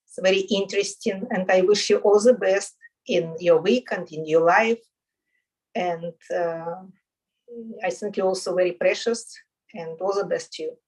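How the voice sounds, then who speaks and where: A woman's voice: on the low side, moderate pace, a little mellow, rough recording. A woman in an online group speaking politely, with frequent hesitations. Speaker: discussion group participant. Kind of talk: casual group chat.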